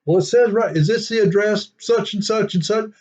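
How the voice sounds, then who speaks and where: A man playing a deadpan prankster coworker. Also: sits high, normal speed, pitched above the performer's own voice, natural voice. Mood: insistent. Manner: mock-official, earnest. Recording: dull lo-fi sound.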